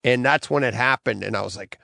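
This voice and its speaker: Gravelly middle-aged man telling a rambling story. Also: mid-range voice, fairly quick, bright, forceful tone, no echo, studio quality. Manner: rambling storyteller, acts out his own quotes. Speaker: podcast host. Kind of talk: casual podcast chat.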